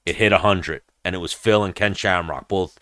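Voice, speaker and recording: A man's voice: low voice, steady tone, normal speed, sharp tone, no echo, clean studio sound. A young man hosting a podcast, telling a long, profane story in casual chat and acting out the people in it. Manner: rambling, profane, acts out quoted voices. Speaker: podcast host.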